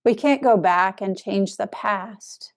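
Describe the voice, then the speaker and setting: A woman giving a dharma talk as a Zen teacher, speaking in a reflective way with soft laughs. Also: mid-range voice, slow pace.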